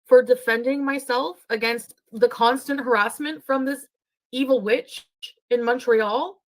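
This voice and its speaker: A woman's voice: fairly high pitch, steady tone, measured pace, low-quality recording. A woman in a played vlog clip, talking in an aggrieved, defensive way with heavy sighs.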